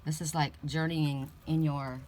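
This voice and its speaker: A chatty woman with a low voice reads oracle cards in a loose, blunt way. She swears casually and laughs often. A faint noise runs behind her. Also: flat delivery, unhurried, darkish tone. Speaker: tarot and oracle card reader. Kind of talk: casual card reading.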